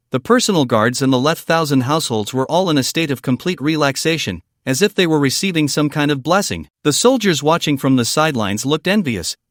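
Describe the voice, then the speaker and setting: A man reading a story recap in a steady, scripted way. His voice sits slightly high for a man and sounds close and dry, with no room around it. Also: dry recording. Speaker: narrator.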